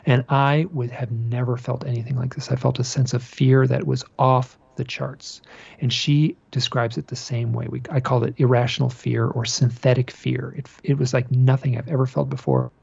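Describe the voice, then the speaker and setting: A man being interviewed about a personal experience, telling it as an animated story, often repeating phrases and restarting his sentences. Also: mid-range voice, normal speed, gravelly, slightly rough, no echo, highs cut off. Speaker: podcast guest.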